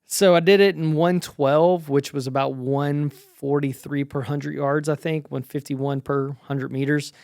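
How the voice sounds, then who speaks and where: A man's voice: fairly high pitch, fairly even intonation, a little slow, vocal fry, hardly any pauses, a little mellow, clear, resonant tone, no echo. A man in his forties casually recapping his own race, chatty and self-deprecating, with lots of ums and restarts. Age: 40s.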